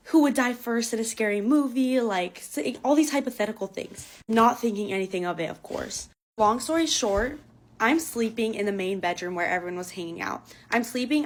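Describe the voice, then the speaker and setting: Woman telling a profane storytime. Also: fairly high pitch. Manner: profane, breathless retelling. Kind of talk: casual storytime.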